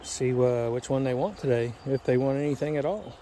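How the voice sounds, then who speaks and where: A man's voice: medium pitch, fairly quick, dark tone, slight background noise. Folksy man vlogging outdoors by a river. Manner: folksy, chatty, jokey. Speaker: fishing vlogger. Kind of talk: casual vlog narration.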